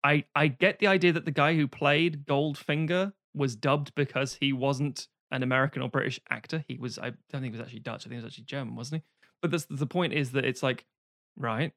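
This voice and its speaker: A man's voice: medium pitch, steady tone, fairly quick, a bit bright, no room sound, studio quality. A man co-hosting a casual film-review chat, sarcastic and swearing freely, slipping into mock voices. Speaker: podcast co-host.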